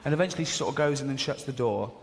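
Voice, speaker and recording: A man's voice: medium pitch, very fast. A man doing a stand-up comedy routine, chatty and mocking, laughing at his own jokes. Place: large theatre with live audience. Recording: echoey hall with audience noise.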